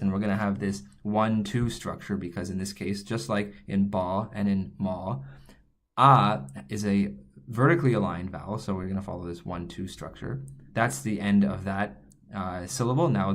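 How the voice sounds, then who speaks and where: A man teaching a lesson in a relaxed, step-by-step way, thinking aloud as he writes and explains each letter. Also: lowish voice. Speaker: language teacher. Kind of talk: recorded online lesson, writing on screen.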